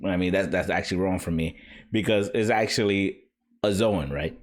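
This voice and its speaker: A man speaking in a somewhat low voice, reviewing manga in a loose, rambling way. He is opinionated and full of fillers, talking from his home basement. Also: normal speed. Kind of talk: casual spoken review.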